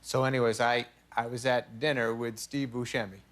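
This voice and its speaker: A middle-aged man, a talk show guest, tells comic stories in a relaxed, animated way, often laughing and acting out the voices of the people he quotes. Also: mid-range voice, normal speed. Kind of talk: casual comic storytelling. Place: television studio with live audience. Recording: studio audience laughter and noise. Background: audience laughter.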